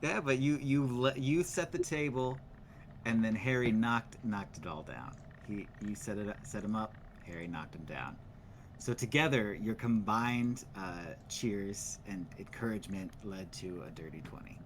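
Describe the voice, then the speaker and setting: A man's voice: on the low side, animated, normal speed, a little hiss or hum. A man playing a tabletop game, easygoing and jokey in casual table talk. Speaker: player.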